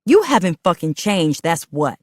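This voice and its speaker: A woman reading an audiobook plays a betrayed young woman who has lost all control, her voice leaping high and loud as she shrieks and sobs. The delivery is raw and cracking, and the room sound is dry and close. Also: big pitch swings, moderate pace, no room sound. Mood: furious screaming. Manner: screaming and sobbing. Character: heartbroken furious young woman confronting lover. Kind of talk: audiobook dialogue.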